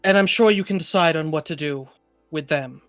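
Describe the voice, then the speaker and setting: A man's voice: a little high, moderate pace, no room sound, faint music behind, natural voice. A man playing an irritated king who talks down to his staff in a haughty, disdainful way. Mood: contemptuous.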